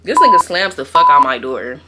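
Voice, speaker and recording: Young woman, bright edgy tone, lowish voice, slangy storytime chat, animated with lots of fillers. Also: normal speed. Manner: animated, slangy, frequent fillers and quoted asides. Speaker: storytime vlogger.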